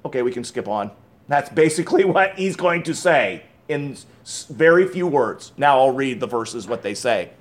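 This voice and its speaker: A man's voice: a little high, lively intonation, moderate pace. A man preaching a sermon, emphatic and repeating key phrases, with conversational asides between scripture readings. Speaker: pastor.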